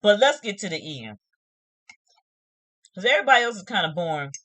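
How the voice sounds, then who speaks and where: Animated, opinionated woman vlogger. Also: mid-range voice, brisk, dry recording. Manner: animated, opinionated, talks straight to viewers. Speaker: host of a TV review channel. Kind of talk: casual reality-TV recap vlog.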